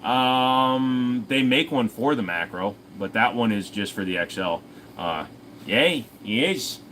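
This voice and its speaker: A man's voice: mid-range voice, expressive, slow, a bit bright, a little hiss or hum, poor audio. A man hosting a casual livestream Q&A, reading out viewer comments and answering them in an offhand, profane way. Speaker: host.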